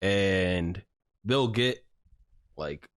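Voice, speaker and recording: A man's voice: low voice, lively intonation, very slow, fairly bright tone, clean tone, no echo, clean studio sound. A man hosting a podcast, recounting a story in a rambling, casual way with lots of filler words and swearing. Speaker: podcast host. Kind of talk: casual chat.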